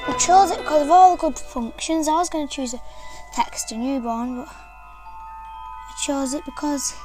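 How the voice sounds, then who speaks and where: British woman, high voice, unhurried toy demo that rambles and self-corrects, soft music underneath. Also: steady tone, low-quality recording. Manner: rambling, eager, often correcting herself. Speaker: toy reviewer. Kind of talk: casual toy demonstration.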